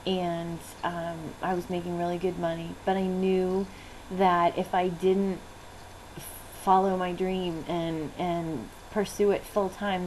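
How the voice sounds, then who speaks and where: A woman in her thirties, a business coach, telling a candid personal story with fillers and soft laughs, near tears as she talks. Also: lowish voice, a little hiss or hum, poor audio. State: close to tears.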